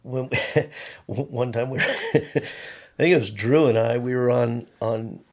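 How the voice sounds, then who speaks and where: A man's voice: mid-range voice, takes it slowly, gravelly. A middle-aged man, a veteran property master, swaps stories in casual chat, swearing freely and laughing at his own memories.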